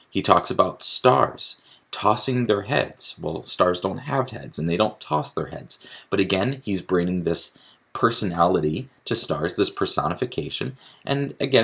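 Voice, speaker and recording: Man, low pitch, gravelly, husky, explaining poetry, teacher. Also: fairly bright tone. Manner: explanatory, with frequent restarts and fillers. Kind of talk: recorded lecture on poetry.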